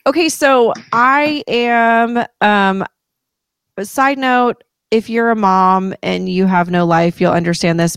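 A woman, a mom co-hosting a podcast, in casual chat with quick interjections and reactions. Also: fairly low pitch, clean tone, dry recording, studio quality.

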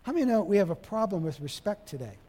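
High-voiced preacher in echoing hall. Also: male voice, fast talker. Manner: animated, acts out dialogue, shifts from loud to soft. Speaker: pastor. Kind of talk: sermon. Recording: long hall reverb.

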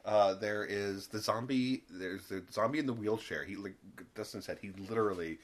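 Speaking at a normal speed in a fairly low register, this podcast co-host chats loosely about a TV episode. He laughs a lot and acts out what the characters say.

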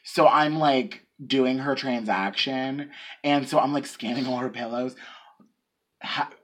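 A man co-hosting a podcast, telling a story in a casual, animated way and acting out the people he quotes. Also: mid-range voice, measured pace, slight background noise. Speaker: podcast co-host.

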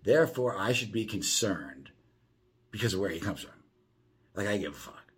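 A man's voice: lowish voice, normal speed, slightly rough. A man hosting a podcast from his home, rambling through a profane, casual monologue full of restarts. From South Florida. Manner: animated, rambling, swears constantly, restarts often. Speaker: podcast host.

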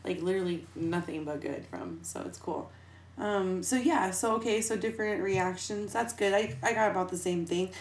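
A woman hosting a podcast interview in casual chat, loud, quick to laugh and swearing freely. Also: medium pitch. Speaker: podcast host. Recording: echoey room with faint background noise.

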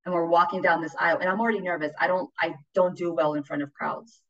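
Animated woman telling stories on a podcast. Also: lowish voice, quick pace, muffled recording. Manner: animated, acts out quoted voices, swears. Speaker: podcast host. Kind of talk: casual storytelling chat.

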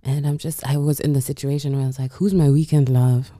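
A woman's voice: a bass voice, steady tone, fast, dark tone, no room sound. A woman hosting a radio show, friendly and upbeat, laughing easily with her guest. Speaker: radio host. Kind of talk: casual radio interview chat. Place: radio studio.

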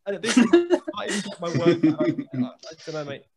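A man, a guest telling a lively anecdote in casual chat, full of restarts and acted dialogue. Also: fairly high pitch, a little fast, a crowd in the background. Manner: lively storyteller, many restarts and quoted dialogue.

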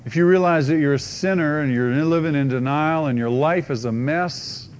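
Pastor guy preaching, gets loud then real quiet and pleading, bit of faint hiss behind. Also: on the high side, normal speed. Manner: swings from loud preaching cries to hushed, soft pleading. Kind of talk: sermon.

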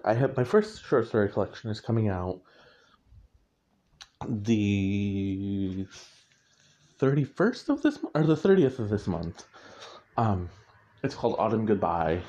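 A man's voice: lowish voice, dark tone. A man, an author, talking casually about his writing in a rambling way, correcting himself and chuckling often. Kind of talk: casual chat. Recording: muffled lo-fi recording.

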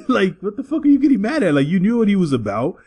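A man co-hosting a podcast in casual, profane chat, animated and breaking into loud, high-pitched bits. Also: fairly quick, husky. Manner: animated, swings into shouted bits. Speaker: podcast co-host.

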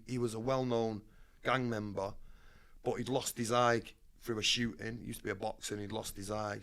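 Male guest, rough gravelly tone, frank street talk with swearing. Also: medium pitch, fairly bright tone. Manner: blunt, streetwise, swearing freely. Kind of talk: candid storytelling interview.

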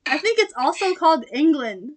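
High-voiced giggly young woman chatting. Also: very animated, normal speed. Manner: giggly, rambling, lots of "like". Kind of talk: casual chat.

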